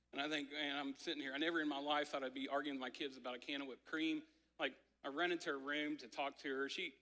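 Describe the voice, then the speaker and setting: A pastor in his thirties tells a family story from the pulpit in loose, chatty sermon talk. His voice sits a bit high and sounds bright and forward. The sanctuary gives it a long, lingering reverb. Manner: conversational, many "like" fillers, animated storytelling. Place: church sanctuary. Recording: church hall reverb.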